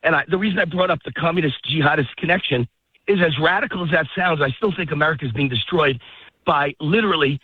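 A man's voice: fairly high pitch, fast, husky, no room sound. A man guest on a political radio show, heated and ranting, out of breath while walking his dog in a park. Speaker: phone-in guest. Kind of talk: political talk radio interview. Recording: tinny phone line.

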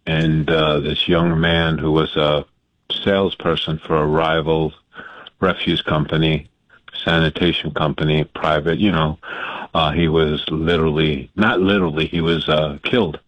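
Very deep-voiced male caller, lo-fi line. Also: level tone, moderate pace, no echo. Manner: earnest, hesitant storyteller. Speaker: radio caller. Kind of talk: call-in radio talk.

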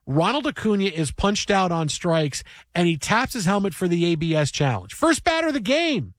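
High-voiced man hosting sports radio. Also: moderate pace, no room sound, studio quality. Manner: animated rambling storyteller. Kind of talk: casual sports talk.

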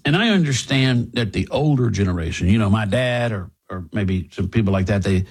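A man's voice: fairly low pitch, expressive, brisk, hardly any pauses, slightly rough. A middle-aged man hosting a talk show, rambling through opinions and asides in a casual monologue with frequent restarts. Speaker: radio talk show host.

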